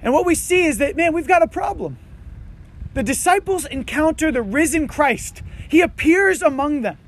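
A man preaching a sermon outdoors, reading scripture and then talking to the congregation in a conversational, animated way. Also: very high voice, moderate pace, slight background noise. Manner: conversational, animated preaching with frequent "you know" and "right". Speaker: pastor. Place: outdoors under tents on a windy morning.

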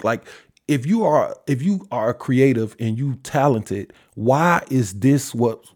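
A man hosting his own podcast and speaking his mind in a casual, heated rant. He is emphatic and profane, and his voice leaps upward on the points he presses before dropping into low, weary mutters. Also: animated, normal speed, a little mellow. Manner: heated, profane, emphatic, pitch jumping sharply when stressing points; trails off into sighs and low mutters. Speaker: podcast host.

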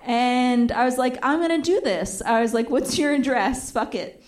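A young woman tells a story on a comedy stage, her voice sitting a little high. She is lively and jumps into the voices of the people she quotes, and the audience laughs now and then behind her. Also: normal speed. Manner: animated, acts out quoted voices. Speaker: stand-up comedian. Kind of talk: stand-up storytelling.

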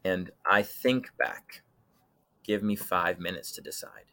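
Bright-voiced man telling an eerie story. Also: sits low, takes it slowly. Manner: animated, acts out voices, swings from loud to hushed. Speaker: podcast guest telling a personal story. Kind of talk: dramatic storytelling in conversation.

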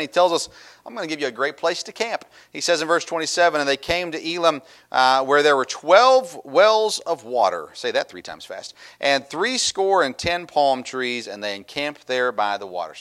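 Chatty, animated male pastor preaching. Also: moderate pace. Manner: conversational, with many fillers and restarts; acts out Bible voices and the people's complaints with bursts of pitch. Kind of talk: sermon.

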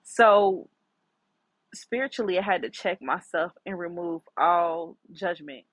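A woman's voice: on the low side, a little slow, no room sound, poor audio. A middle-aged woman hosting a podcast, candidly and reflectively telling a personal story with many fillers. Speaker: podcast host.

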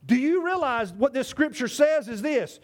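A man's voice: extremely high pitch, sing-song, moderate pace. A man preaching a sermon to his church, emphatic and repetitive, full of rhetorical questions. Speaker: pastor.

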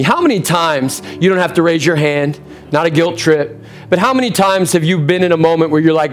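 A man preaching a sermon to a live congregation, energetic and calling for responses. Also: a little high, normal speed, soft background music. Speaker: pastor. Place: church sanctuary with congregation.

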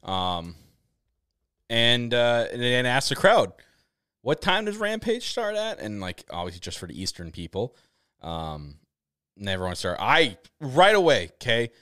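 A man from Canada hosting a casual talk podcast, rambling excitably with lots of restarts. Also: fairly low pitch, unhurried, clean tone, no room sound, studio quality. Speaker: podcast host. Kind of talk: casual chat. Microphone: camera setup on a video call.

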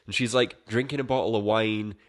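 A man's voice: on the low side, fairly even intonation, a little fast, dry recording, studio quality. A man co-hosting a casual film-review podcast, rambling and swearing as he retells the plot. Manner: rambling, profane, acts out characters in quotes. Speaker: podcast co-host.

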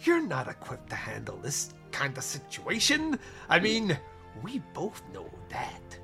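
A man playing a gruff older small-town sheriff in a comic movie-actor impression, with clipped, scolding delivery. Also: a little high, wildly swooping pitch, measured pace, bright, forceful tone, faint music behind, exaggerated voice.

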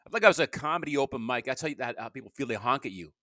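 A man hosting his own amateur podcast, rambling in a self-deprecating solo monologue that swings between loud bursts and low mutters. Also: expressive, racing, slight background noise. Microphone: home podcast mic.

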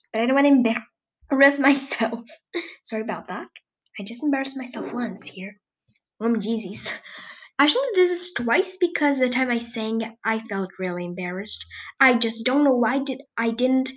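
A teenage girl talks through her own solo podcast with a slightly high voice, giggling and stopping often to hunt for what to say next. Her talk is loose and scattered, full of "um"s and sudden exclamations as she jumps from one thing to the next. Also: rough recording. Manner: exclamations and filler "um"s. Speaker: podcast host. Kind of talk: solo casual podcast chat.

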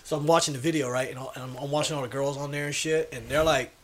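Fast-talking, rambling co-host man. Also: fairly high pitch, steady tone. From Orangeburg, South Carolina. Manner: rambling, fast storytelling with crude slang. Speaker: podcast co-host. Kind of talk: casual podcast chat.

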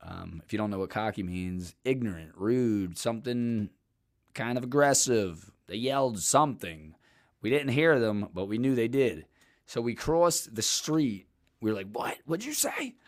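A man's voice: on the low side, expressive, measured pace. Rambling, profane podcast host, man. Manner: rambling, profane, laughs often. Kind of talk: casual storytelling podcast.

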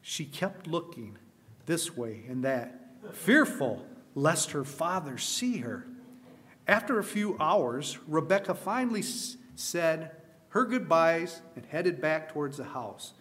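Man reading a story out loud, earnest and expressive, a bit high-pitched. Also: slow pace. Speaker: storyteller at a camp meeting.

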